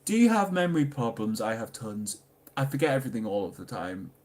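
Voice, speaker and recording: Chatty Geordie man, lively pitch. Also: fairly quick. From Newcastle upon Tyne, England. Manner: chatty, jokey, reads chat aloud, bursts into loud excited exclamations. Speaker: YouTuber answering livestream questions. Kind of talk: casual livestream Q&A.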